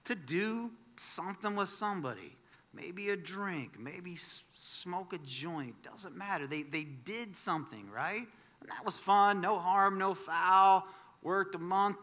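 A pastor preaches to his congregation in a fairly high, very bright and cutting voice. His delivery is lively and full of melodic swings. He shifts between punchy loud emphasis and hushed asides. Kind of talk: sermon. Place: church sanctuary before a congregation.

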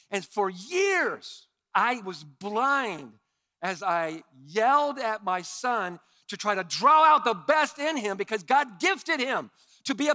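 Middle-aged pastor guy preaching, high voice, really fired up. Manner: animated, impassioned preaching. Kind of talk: sermon.

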